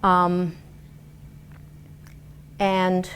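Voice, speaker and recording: Woman giving a lively therapy lecture. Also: on the low side, very slow, slight background noise. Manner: animated, demonstrative, acts out example voices. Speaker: dance/movement therapist lecturer. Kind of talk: interactive classroom lecture.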